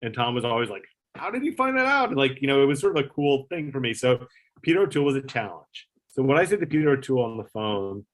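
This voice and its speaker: A middle-aged man who used to produce a talk show tells a story in a casual interview, talking fast in a mid-range voice. He acts out the voices he quotes and peppers his speech with fillers and swearing.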